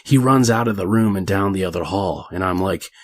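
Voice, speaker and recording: A man's voice: low voice, brisk, no echo. A man voicing a crude older male convict who tells a gross story with plenty of profanity. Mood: vulgar yarn. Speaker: narrator.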